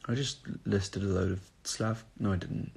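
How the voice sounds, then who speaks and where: A tired young man rambles through viewer questions on a phone live stream. His voice sits low and gravelly, with a husky edge. He drifts off topic and swears now and then. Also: steady tone, normal speed, darkish tone. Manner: rambling, reads out and answers viewer comments, swears casually. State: tired and up at odd hours. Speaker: live streamer answering chat. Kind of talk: casual live-stream chat.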